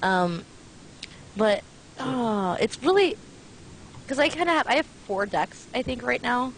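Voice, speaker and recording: A woman's voice: a little high, big pitch swings, measured pace, a little hiss or hum, low-quality recording. Giggly chatty woman interviewer. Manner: giggly, chatty, many fillers. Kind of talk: casual chat.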